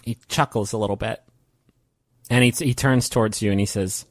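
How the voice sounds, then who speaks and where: A man narrating a tabletop role-play game in a relaxed, conversational way. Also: lowish voice, normal speed, long pauses, no echo. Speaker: game master.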